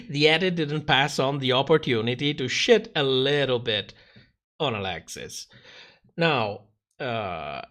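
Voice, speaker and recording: A man's voice: mid-range voice, expressive, takes it slowly, long pauses, pushed and bright. A man hosting a livestream, chatting casually and animatedly, laughing often and going off on asides. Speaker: host of a drag show review livestream.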